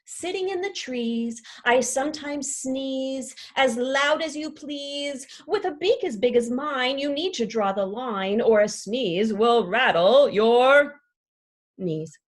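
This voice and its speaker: Talkative parrot with a flair for rhymes, woman reading, breathy, a bit high, very lively pitch. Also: slow pace, heavily acted. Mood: chatty. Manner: lively storytelling with playful rhymes and pitch leaps. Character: chatty, dramatic class pet parrot who writes rhymes. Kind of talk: children's book read aloud.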